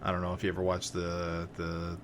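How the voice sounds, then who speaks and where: A man co-hosting a podcast, discussing comics in a thoughtful, measured way and pausing on "uh" as he weighs his words. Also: deep voice, monotone, slight background noise. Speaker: podcast co-host. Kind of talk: casual comic-book chat.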